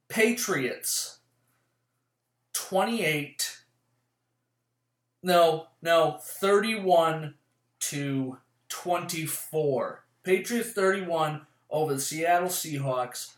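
A man's voice: on the high side, lively intonation, drawn-out words, long pauses. A man giving an agitated sports rant, swearing constantly and firing off complaints. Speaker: sports commentator. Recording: roomy echo.

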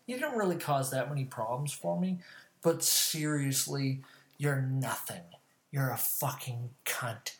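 A man's voice: medium pitch, lively intonation, measured pace. A man hosting a show, delivering a heated, profane comedic rant full of insults.

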